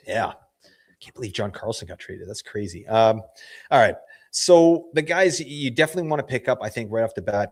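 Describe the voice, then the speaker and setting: A man hosting a fantasy hockey show, hoarse from losing his voice, chatting casually in a rambling, self-correcting way full of slang. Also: mid-range voice, animated, normal speed. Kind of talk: casual analysis chat.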